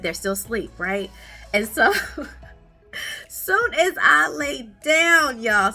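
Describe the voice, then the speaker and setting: Animated young mom with a bright voice. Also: female voice. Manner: animated, laughing, high playful voices when quoting her kids. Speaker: podcast host, mother of twin toddlers. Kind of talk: casual storytelling chat.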